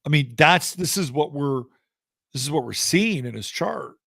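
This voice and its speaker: A man's voice: a little high, lively intonation, normal speed, gravelly, pushed and bright, no room sound, studio quality. Rambling man giving astrology takes. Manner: rambling, hesitant with many fillers and restarts, blunt. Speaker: astrology commentator on a talk show. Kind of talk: casual sports talk debate.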